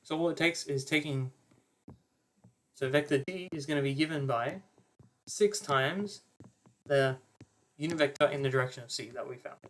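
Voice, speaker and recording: A young man with a slightly high voice runs an online maths revision lecture. He works through problems step by step in a relaxed, casual way. He stops often for fillers and quick self-corrections. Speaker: maths tutor.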